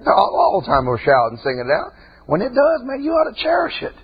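A man preaching an impassioned sermon in a church, often breaking into shouts. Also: very high voice, huge pitch swings, fast, slightly rough. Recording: dull lo-fi recording.

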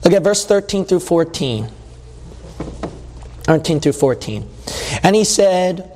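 A male preacher with a high voice delivers a sermon in a conversational style. He reads scripture passages aloud and keeps asking the congregation questions. A long reverb trails his words through the hall. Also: lively intonation, unhurried, darkish tone.

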